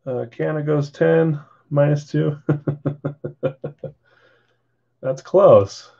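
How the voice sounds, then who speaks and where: The slightly dull lo-fi stream carries a man's gravelly, warm, slightly high voice, steady in tone with drawn-out words. Tired and yawning, he hosts a live card break, casually chatting and calling out bids and sales.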